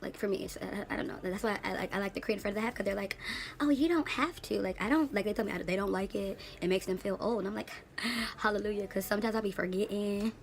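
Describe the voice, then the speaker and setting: A woman in her late twenties, an English teacher, ranting in a casual vlog with sassy, animated storytelling and slang. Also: medium pitch, quick pace, a little hiss or hum. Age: late 20s.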